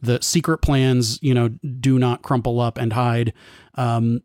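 A man's voice: mid-range voice, flat delivery, measured pace, a little mellow, dry recording. A man with a mid-range voice talks films in a casual discussion. He builds long winding analytical sentences, restarting as he goes. The recording is dry.

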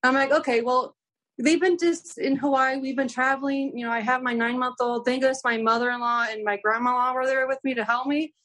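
A woman's voice: sits high, fairly quick. A young adult woman, a podcast guest, casually telling a story and acting out the dialogue, with lots of "like". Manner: animated, acts out dialogue with filler "like".

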